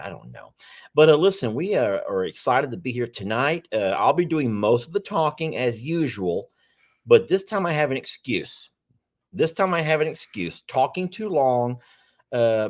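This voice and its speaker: A man co-hosting a casual chat, rambling and repeating himself, with sudden high exclamations. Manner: rambling, repeats phrases, jumps up in pitch when exclaiming. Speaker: co-host of a horse sanctuary livestream.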